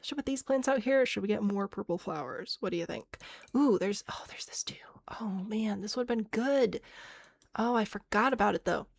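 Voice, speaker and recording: A woman with a mid-range voice, normal pace and some vocal fry streams a game on a dry recording with no room sound. She chats casually while playing, thinking out loud and replying to chat with self-deprecating laughter.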